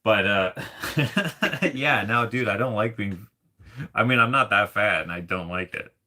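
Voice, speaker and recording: An artist vlogger talks casually to camera in a fairly low, sharp voice at a measured pace. He rambles, pokes fun at himself, and laughs often.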